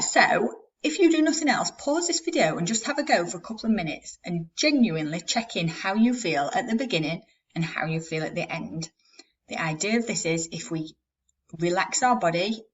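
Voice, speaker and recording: A woman, a therapist, giving a casual, plain-spoken lesson to camera with small laughs. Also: fairly low pitch. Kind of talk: casual teaching talk to camera. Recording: dull, slightly distant sound.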